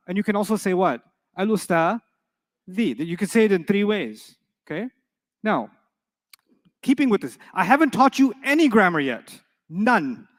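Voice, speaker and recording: A man's voice: high voice, long reverb tail. A middle-aged man teaching Arabic to a live class, playful, quizzing his students and answering his own questions.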